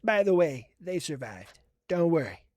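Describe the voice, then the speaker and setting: A man's voice: fairly high pitch, very animated, a little slow, a little mellow, no echo, studio quality. A man streaming a reaction video, joking crudely and swearing often. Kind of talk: casual reaction commentary.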